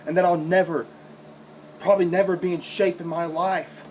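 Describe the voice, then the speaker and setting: A man's voice: high voice, flat delivery, normal speed, pauses often, a little mellow, a little hiss or hum, low-quality recording. Impassioned man cutting a wrestling promo. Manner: impassioned, repetitive, confrontational. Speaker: backyard wrestler.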